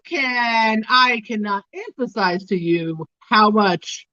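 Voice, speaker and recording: A young woman chatting casually, giggly and free with swear words, speaking slowly and a little high. The sound is dry and dull, like lo-fi audio. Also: expressive, bright, forceful tone, no room sound. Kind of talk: casual chat.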